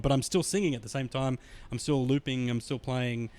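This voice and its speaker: Chatty comedian hosting a podcast. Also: male voice, medium pitch, fairly even intonation, brisk, darkish tone, smooth. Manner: chatty, self-deprecating, laughs often. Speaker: podcast host, stand-up comedian. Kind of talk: casual podcast chat.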